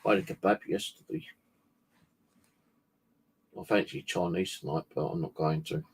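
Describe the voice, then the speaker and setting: A low, husky-voiced man talking loosely to his livestream audience. He rambles from one thing to the next and swears freely. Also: moderate pace. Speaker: paranormal channel host. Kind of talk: casual livestream chat.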